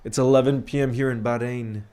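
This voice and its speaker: A man at a middling pitch hosts a football watch-along stream with easygoing, friendly chatter. He reads out viewer messages and gives them shout-outs in a relaxed, matey way between his reactions to the game. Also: brisk. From grew up largely in New York. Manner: laid-back and chummy, calling viewers "bro" and giving shout-outs. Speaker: livestream host of a match watch-along. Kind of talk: casual live watch-along chat, reading out viewer messages.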